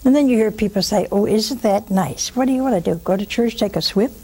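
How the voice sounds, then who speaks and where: A woman hosting a religious call-in program, with a voice sitting a bit higher than most. She teaches in an animated way, slipping into mocking quoted voices and sinking to a near whisper when she wants something to land. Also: fast talker, a little hiss or hum. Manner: animated, mocks with put-on quotes, drops to a hushed whisper for emphasis. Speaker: religious call-in show host.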